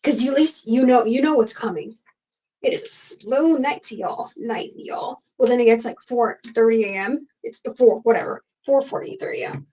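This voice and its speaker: A woman's voice: fairly high pitch, moderate pace, mellow, rough recording. A young woman hosting a casual late-night livestream, talking frankly and rambling with many fillers and restarts. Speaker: livestream host.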